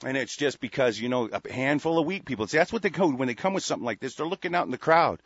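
A man's voice: mid-range voice, expressive, quick pace, hardly any pauses, breathy edge, no room sound, dull audio. A male radio show host delivering a profane, combative monologue. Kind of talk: heated monologue on internet radio.

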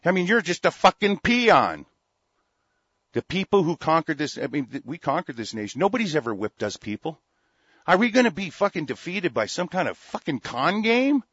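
A man's voice: on the high side, big pitch swings, normal speed, fairly bright tone, husky, dry recording, dull audio. An older man hosting a talk radio show, ranting angrily and cursing often, with frequent restarts. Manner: profane, heated, with frequent restarts. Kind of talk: angry political rant.

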